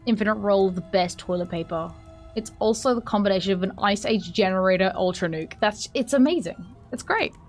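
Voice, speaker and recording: A woman's voice: mid-range voice, a little fast, faint music behind. A woman with an Australian accent chatting casually on stream, then reading a story aloud with small stumbles. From Western Australia. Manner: chatty, hesitant, stumbles over words when reading.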